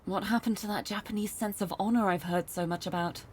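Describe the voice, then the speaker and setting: A young woman streamer reading a visual novel aloud, with animated, self-deprecating asides, over game music. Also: mid-range voice, a little fast, a little hiss or hum. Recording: game music playing behind.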